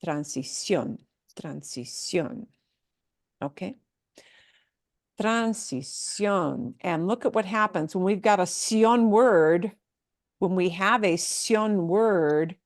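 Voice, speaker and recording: A woman teaching a Spanish pronunciation lesson, repeating words slowly and playfully. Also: medium pitch, dry recording, clean studio sound.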